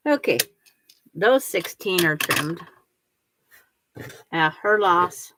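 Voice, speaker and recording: A woman's voice: fairly low pitch, animated, very slow, a bit bright, slight background noise. An older woman hosting a quilting livestream, chatting with viewers and talking herself through each step as she sews. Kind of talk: casual chat while sewing.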